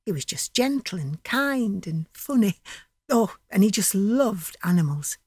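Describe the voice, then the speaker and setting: A woman's voice: medium pitch, sing-song, a little slow, a little mellow, breathy edge, dry recording. A woman narrating a dramatic monologue in a chatty, vivid storytelling manner.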